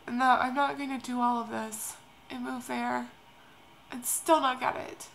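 A young woman vlogging about a personal move, tearful and speaking in a halting, hesitant, soft way. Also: a little high, steady tone, gravelly, slight background noise. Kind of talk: emotional personal vlog.

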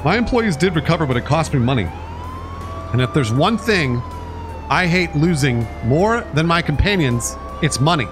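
A man's voice: a little high, very animated, normal speed. A man streaming a video game live, ranting with exasperated sarcasm over his gameplay. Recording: game noise and sirens behind voice.

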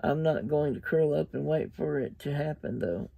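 A man's voice: fairly high pitch, lively intonation, normal speed, vocal fry, dark tone, slightly rough, dry recording, full character voice. A man reading an audiobook aloud, voicing a firm, stubborn young country man. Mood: resolute. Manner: firm, retorting.

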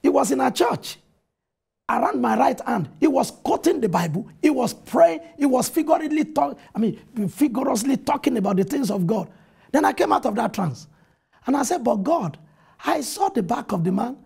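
A man's voice: very high voice, big pitch swings, normal speed, creaky, darkish tone, husky. A pastor telling his stories of faith in a TV interview, earnestly quoting scripture and retelling events with animation. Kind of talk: testimony in a TV interview. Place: TV studio.

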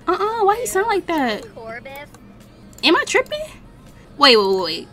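A young woman chatting casually as she streams a life-sim game, talking to her viewers and the characters with slangy, animated exclamations. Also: very high-pitched, a little slow, faint music behind. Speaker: gaming streamer. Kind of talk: casual let's-play commentary.

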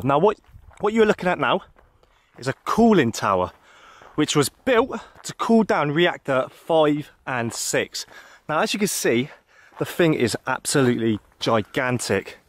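Excitable man vlogging outdoors. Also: fairly high pitch, measured pace, dry recording. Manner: chatty, excitable, jokey. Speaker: vlogger exploring abandoned places. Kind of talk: casual travel vlog narration. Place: outdoors in an abandoned zone.

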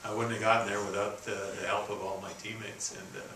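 A man in his sixties from Canada tells stories from a stage in a folksy, halting way, full of restarts. His voice sits a little low and sounds very bright. The recording is roomy and distant, with faint ambience behind him. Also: little pitch movement, a little hiss or hum. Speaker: keynote speaker. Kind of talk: storytelling speech. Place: conference hall.

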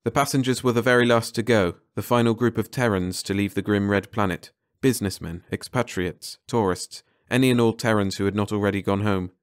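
A man narrating a science fiction short story as an audiobook in a measured, dramatic way. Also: fairly low pitch, clear, resonant tone, no echo, clean studio sound.

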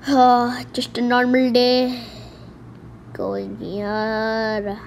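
A woman's voice: fairly high pitch, level tone, extremely slow, slight background noise. A woman introducing her role-play video in a casual, hesitant way, with many restarts. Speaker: channel host.

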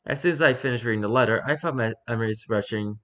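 A man reading a rules-style horror story aloud for his channel, lively, with occasional stumbles and restarts. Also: medium pitch, quick pace. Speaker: YouTuber reading horror stories.

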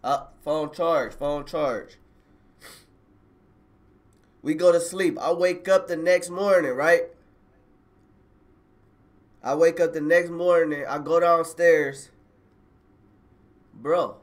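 Casual male streamer, a touch high-pitched, loose slangy storytelling to his audience over a phone mic. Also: slow pace, long pauses. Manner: slangy, rambling, addresses viewers directly. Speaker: live streamer telling a personal story.

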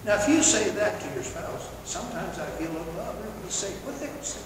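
A man preaching a sermon in a church, animated, acting out quoted lines in a loud voice. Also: high voice, fast talker. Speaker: pastor. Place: church sanctuary. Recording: echoey hall from far off, noisy.

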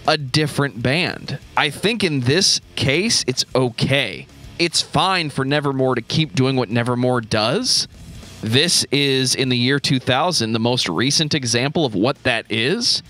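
Casting: male podcast co-host, measured and thoughtful, forceful bright tone, faint music. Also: mid-range voice. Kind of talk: casual chat.

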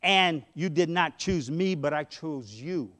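A man with a high voice preaches a sermon in a church. His delivery feels conversational, with stories from his own life worked in between the points. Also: expressive, measured pace, fairly bright tone. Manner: conversational preaching with storytelling asides. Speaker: pastor. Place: church sanctuary.

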